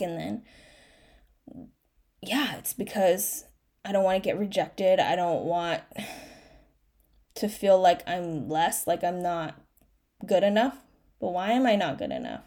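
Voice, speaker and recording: A woman's voice: lowish voice, sing-song, a little slow, pauses often, dark tone. A young woman hosting a solo podcast, talking candidly and emotionally about her struggles, encouraging herself and her listeners, often tearful. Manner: candid, self-encouraging, with frequent fillers and restarts. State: tearful at times. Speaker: podcast host.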